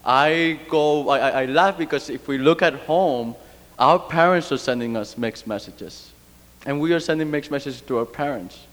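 A man's voice: fairly high pitch, moderate pace, fairly bright tone. A man from Cuba giving an earnest, reflective personal talk, with fillers and restarts. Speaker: speaker. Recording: long reverb of a hall.

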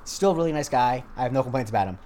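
A young man co-hosts a podcast, speaking very fast in a warm, animated, medium-pitched voice. The casual chat wanders, packed with fillers and restarts, over a little hiss or hum.

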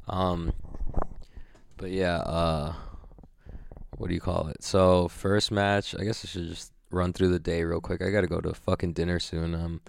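A young grappling competitor recaps his competition day in a casual vlog, swearing freely and rambling with plenty of "like" and filler words. His voice is low with vocal fry, recorded cleanly in a studio with no echo.

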